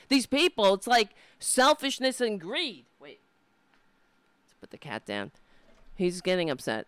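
A man's voice: very high voice, very animated, measured pace, clean tone, no room sound. A man angrily ranting about politics, swearing constantly, mocking people in put-on voices and admitting he screams at the television. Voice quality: profane, shouting, mocking mimicry. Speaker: political commentary host. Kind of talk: angry ranting commentary.

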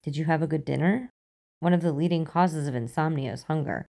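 A dry, amused male FBI agent who teases his partner about her sleeplessness, read by a woman. The voice sits low and dark with a gravelly edge. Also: brisk. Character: wry male FBI agent, insomniac, teasing.

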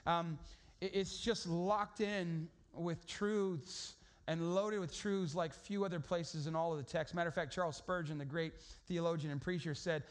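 Man, pastor, high voice, conversational sermon, storytelling, lots of restarts. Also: steady tone, moderate pace.

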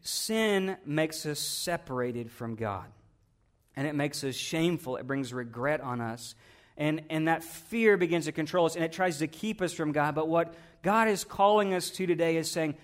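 Higher-voiced man preaching conversationally. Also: expressive, moderate pace. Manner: conversational preaching, rhetorical questions, repeats words. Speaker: pastor. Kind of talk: sermon.

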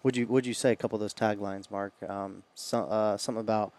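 A man co-hosting a podcast in casual chat, giving short agreeing replies and halting, restarting remarks. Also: lowish voice, fairly even intonation, a little mellow, no room sound. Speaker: podcast co-host.

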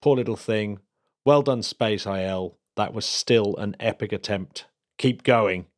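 A man's voice: fairly low pitch, measured pace. Chatty, enthusiastic man. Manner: enthusiastic, chatty, with fillers and restarts. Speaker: podcast co-host. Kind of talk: casual space news chat.

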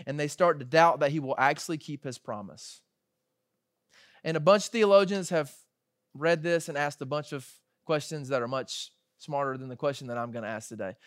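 A man in his thirties preaching a sermon in a conversational, animated way, acting out quoted voices as he tells the story. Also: fairly high pitch, dry recording, clean studio sound. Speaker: pastor.

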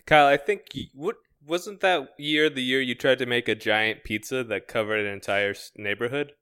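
A man's voice: mid-range voice, moderate pace, sharp tone, clear, resonant tone. A man co-hosting a podcast, chatting casually and joking, laughing often. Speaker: podcast co-host. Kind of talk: casual comedic chat.

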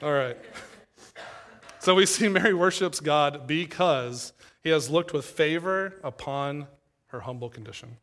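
A man's voice: a little high, unhurried, a bit bright. A man from East Tennessee preaching a sermon in a conversational, earnest way, building to emphatic points. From East Tennessee, USA.

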